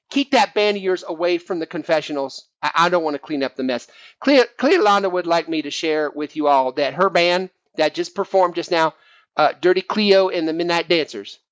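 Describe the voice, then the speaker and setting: A man's voice: on the high side, dry recording, dull audio, close to an everyday voice. A man voicing a self-appointed preacher who blesses his friends while slyly insulting them, in a sing-song preachy manner. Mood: announcing. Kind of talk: comic preacher impression on a fan podcast.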